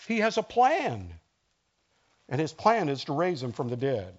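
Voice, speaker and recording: A man with a fairly high voice preaches a sermon in a relaxed, conversational way, voicing the people he quotes as he goes. The recording is dull and lo-fi. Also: unhurried. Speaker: pastor.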